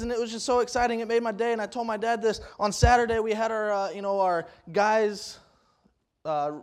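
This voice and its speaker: A young man preaching a folksy sermon, rambling with restarts and rising to loud, emphatic peaks. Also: high voice.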